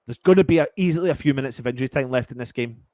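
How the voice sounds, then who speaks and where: A man calls the match as a passionate fan, dropping to mutters and bursting into shouts. His voice is mid-pitched and recorded close and dry, with no room around it. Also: rapid-fire, dry recording. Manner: excitable, swears, swings from muttering to shouting. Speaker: fan watchalong commentator. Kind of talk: partisan live match commentary.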